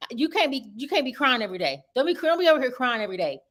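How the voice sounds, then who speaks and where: Woman host, playful and emphatic, fairly high voice. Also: big pitch swings, rapid-fire, a bit bright. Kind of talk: casual panel discussion.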